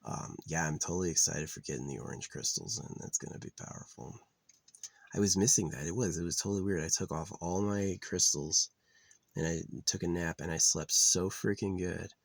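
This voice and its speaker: A man's voice: low-pitched, a little fast, vocal fry, no echo. A man vlogging outdoors in a rambling, profane, casual monologue that trails off into mutters. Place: outdoors in nature.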